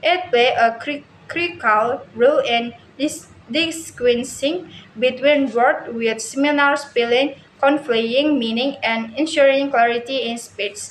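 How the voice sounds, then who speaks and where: A woman reads a class presentation aloud, slowly and haltingly, restarting some words. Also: sits high, slight background noise. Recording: echoey room, faint ambience.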